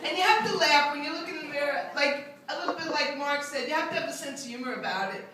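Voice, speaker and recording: Older lady doing standup, high bright voice, very echoey room heard from a ways off. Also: fast, background noise. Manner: chatty, self-mocking storyteller who hops into high character voices. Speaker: stand-up comedian. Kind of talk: live stand-up storytelling. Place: live comedy venue with an audience. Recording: very echoey room, mic at a distance.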